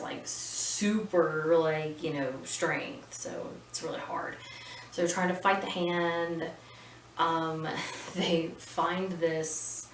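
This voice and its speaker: A woman with a low voice recaps a movie in an unhurried, rambling, chatty way, stopping for opinionated asides. She sits back from the mic in an echoey room, with a faint hiss underneath. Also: fairly bright tone. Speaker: podcast host recapping a film. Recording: roomy and distant with faint noise.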